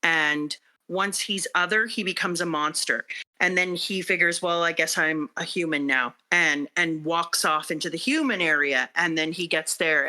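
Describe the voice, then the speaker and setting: A middle-aged woman, a teacher, chatting on a podcast and retelling a story with heartfelt, animated feeling. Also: fairly low pitch. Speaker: guest, teacher reading manga for the first time. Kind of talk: casual podcast chat.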